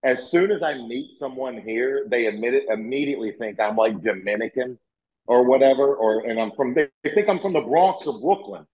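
A man's voice: mid-range voice, moderate pace, darkish tone. Man, Virginia accent, casual chat, self-correcting, muffled call sound. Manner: rambling, self-correcting, emphatic. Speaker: guest. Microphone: video call. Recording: dull lo-fi video call audio.

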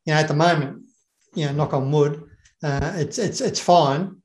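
A man's voice: a little high, moderate pace. A man, a former special operations officer, chatting casually in a rambling way, repeating words and laughing often. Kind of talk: casual conversation. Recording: roomy echo.

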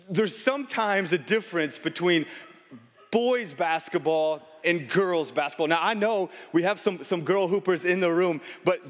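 A man in his thirties delivers a sermon in a relaxed, storytelling way, often poking fun at himself. His voice sits a little higher than most men's. The sound carries the long echo of a large church sanctuary. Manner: conversational storytelling with self-deprecating humor. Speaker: pastor. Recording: long reverb of a large hall.

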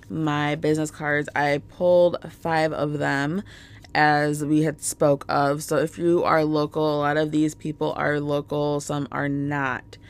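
A woman's voice: low-pitched, gravelly. Rambling woman chatting with viewers. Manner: rambling, filler-heavy, lots of "like" and "you guys". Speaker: mother sharing business contacts with viewers. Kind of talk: casual chat to camera.

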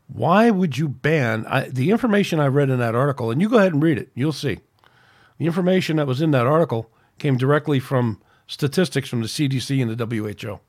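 A man hosting his own podcast, venting angrily in a rambling, off-the-cuff rant with frequent restarts. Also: medium pitch. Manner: angry, ranting, rambling with restarts. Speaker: podcast host.

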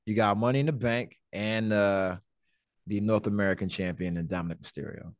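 A man's voice: on the low side, steady tone, a little fast, no room sound, clean studio sound. A man hosting a podcast, chatting casually about wrestling in a rambling, joking, profane way. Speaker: podcast host.

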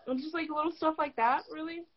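A woman's voice: high-pitched, steady tone, brisk. A young woman co-hosting a podcast in casual chat, rambling and swearing freely, sounding tired. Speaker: podcast co-host. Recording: dull lo-fi sound.

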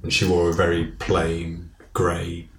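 A man's voice: low-pitched, completely flat delivery, a little slow. A man co-hosting a podcast, making wry, jokey asides. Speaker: podcast co-host. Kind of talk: comic banter. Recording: roomy recording, loud background noise.

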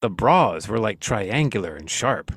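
A man's voice: on the low side, very animated, unhurried, fairly bright tone, husky, dry recording, studio quality. A man hosting a podcast in casual chat, laid-back and wry, swearing now and then. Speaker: podcast host.

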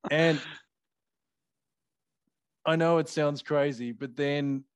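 A man's voice: fairly high pitch, steady tone, slow, clear, resonant tone, no echo. Rambling, dry-sounding man. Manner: rambling, self-deprecating storyteller. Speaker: podcast co-host. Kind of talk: casual chat.

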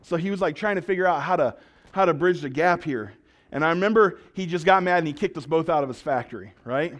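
Speaking fast in a voice on the high side, a pastor tells stories during his sermon. He's animated and joking, acting out the quotes he uses.

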